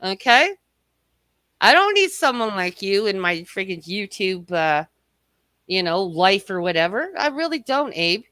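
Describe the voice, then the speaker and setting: A woman hosting a live stream tears into someone with a fierce, profane, mocking rant. Her voice is bright and cutting. The sound is close and dry, with no room around it. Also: medium pitch, very animated, a little slow, no echo. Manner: angry, cursing, mocking. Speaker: livestream host.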